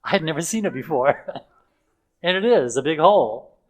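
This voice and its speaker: A man's voice: a little high, lively intonation, moderate pace, poor audio. An older man preaching in a chatty storytelling way, with fillers and frequent chuckles. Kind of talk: anecdotal sermon.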